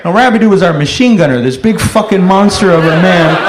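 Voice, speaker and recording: Male stand-up comic, rowdy storyteller, high-pitched, room echo. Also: a little fast, few pauses. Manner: rowdy storytelling with loud shouted voices. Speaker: stand-up comedian. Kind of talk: stand-up comedy set.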